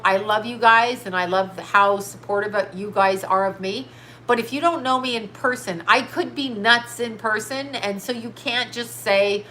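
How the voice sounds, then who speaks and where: Woman, psychic host on a livestream, stuffy nose, blunt and scattered, bright tense voice. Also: medium pitch, a little hiss or hum. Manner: scattered, blunt, reads viewer comments aloud. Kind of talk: casual rambling livestream chat.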